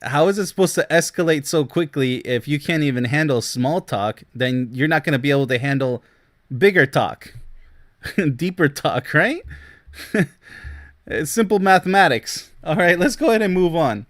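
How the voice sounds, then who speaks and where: A man's voice: a little high, lively intonation, normal speed, fairly bright tone, no room sound, studio quality. A man who works as a relationship coach, commenting on messages he reads out and chuckling between his points. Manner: chuckles often, talks to the viewer directly.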